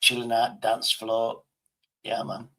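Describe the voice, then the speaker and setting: A man's voice: medium pitch, monotone, takes it slowly, sharp tone. A man livestreaming in casual chat, rambling to himself and swearing constantly.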